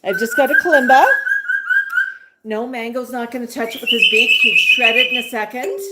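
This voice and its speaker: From a home room shared with her parrots, a woman hosts a livestream, talking to the birds in sing-song baby talk and reading out viewer chat. Her voice is on the high side, with fairly even intonation and a moderate pace. The room sounds roomy, with background noise and bird sounds.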